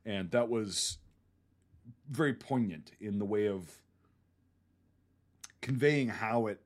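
A man hosting a casual podcast discussion, blunt and animated, swearing freely as he talks through a film. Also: lowish voice, slow pace. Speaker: podcast host.

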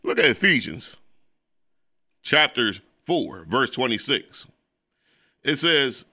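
A man hosting a show as a preacher, delivering an emphatic, repetitive preaching monologue that turns excitable when it moves to sports. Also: mid-range voice, measured pace, no room sound, clean studio sound. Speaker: preacher and host.

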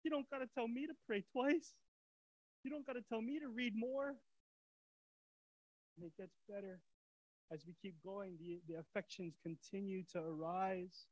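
A man preaching a sermon as pastor in a casual way, swinging from soft, quiet lines to excited shouting. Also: high voice, normal speed, long pauses, poor audio. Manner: casual preacher's talk with fillers and repeats.

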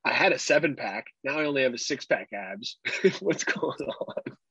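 Thirties dad co-host, husky and dry, swears freely, animated storyteller. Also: male voice, mid-range voice, normal speed, no room sound, lo-fi sound. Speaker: podcast co-host. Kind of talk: casual chat.

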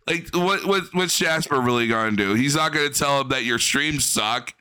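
Brief: young man, crude mocking stream commentary, bright crisp voice, dry sound. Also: medium pitch, moderate pace, hardly any pauses, dry recording. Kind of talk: profane reaction commentary.

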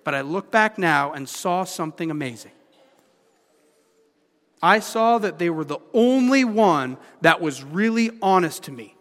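A man's voice: sits high, expressive, unhurried, fairly bright tone. A man in his thirties preaching a sermon as pastor, conversational and full of rhetorical questions. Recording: long hall reverb.

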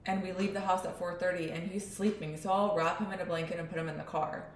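A woman's voice: fairly low pitch, fairly even intonation, fast, echoey room, a little hiss or hum. A young woman co-hosting a podcast who tells stories with animation and acts out her son's voice. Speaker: podcast co-host. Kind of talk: casual chat.

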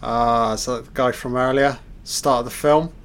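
A man's voice: medium pitch, fairly even intonation, moderate pace, fairly bright tone. A man giving a loose, off-the-cuff film commentary, reacting aloud and swearing at the scenes.

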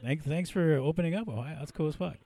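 A man's voice: on the high side, fast talker, warm tone. A man hosting a podcast, telling rambling, profane stories in casual chat. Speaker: podcast host.

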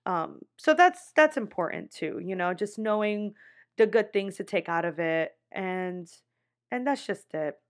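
A woman's voice: medium pitch, animated, measured pace. Young woman host speaking into a podcast mic, candid storytelling, salty language, lots of "like". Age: 20s. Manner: blunt, heavy swearing, frequent "like" fillers. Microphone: podcast microphone.

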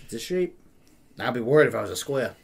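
A man's voice: mid-range voice, expressive, fast talker, gravelly, husky. A man chatting casually, telling funny stories with lots of laughter and acting out what others said. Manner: giggly storyteller, laughs often, acts out quotes. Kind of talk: casual chat.

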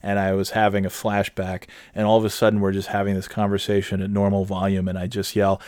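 Low-voiced man telling a rambling story. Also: monotone, fast talker, few pauses, darkish tone, no room sound, studio quality. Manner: rambling, profane, with many restarts. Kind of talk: casual anecdote.

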